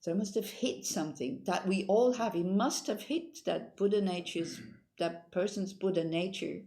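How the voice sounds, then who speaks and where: Gravelly-voiced woman meditation teacher. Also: on the low side, normal speed, dark tone. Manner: informal, meandering, with frequent restarts. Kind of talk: dharma talk with storytelling.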